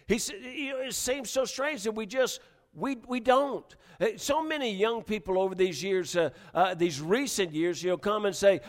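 A middle-aged male preacher giving a sermon, often restarting words and swinging between quiet storytelling and loud exhortation. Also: sits high, moderate pace.

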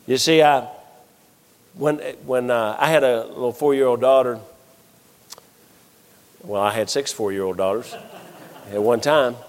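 A middle-aged man preaches a sermon, animatedly telling funny family stories and acting out the voices of those he quotes. His voice is medium-pitched, his pace measured, with long pauses. The recording has the long reverb of a large hall.

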